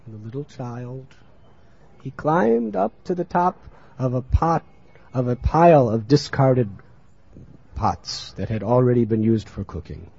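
A man telling a sacred story in a sermon, in an animated, expressive narrating manner, on a muffled lo-fi recording. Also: medium pitch, measured pace, vocal fry, slightly rough. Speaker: religious storyteller.

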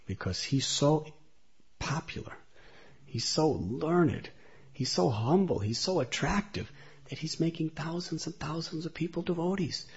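A man's voice: on the high side, measured pace, husky. A man telling a devotional story as a speaker in a religious talk, in a dull lo-fi recording.

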